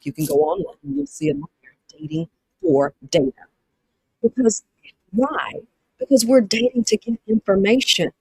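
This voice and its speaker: A woman's voice: lowish voice, a little mellow, husky, no echo, rough recording. A woman with a Southern US accent hosting a live-streamed dating talk, reading viewer comments aloud and talking to them directly with lots of repetition. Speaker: livestream host.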